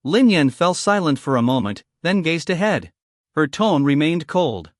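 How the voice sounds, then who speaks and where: A man's voice: fairly high pitch, sing-song, normal speed, no room sound, studio quality. A man narrating a story recap in a scripted style, reading every character's lines in his own voice.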